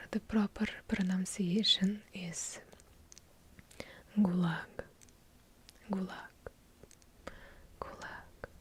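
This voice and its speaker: A woman's voice: on the low side, a little mellow, a little hiss or hum. A woman with a heavy Russian accent whispering ASMR trigger words, drawing out each repeated word and slipping in wry asides. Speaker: ASMR creator. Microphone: handheld field recorder.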